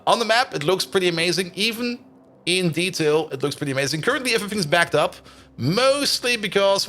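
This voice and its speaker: A man's voice: on the high side, bright, forceful tone. A man streaming a game live, chatting casually with his viewers and laughing often.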